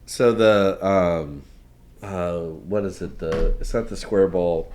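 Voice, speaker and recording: Deep-voiced guy co-hosting a sports podcast, chatty, keeps trailing off and restarting. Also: slow, darkish tone, a little hiss or hum. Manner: rambling, trails off and restarts often. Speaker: podcast co-host. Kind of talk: casual sports chat.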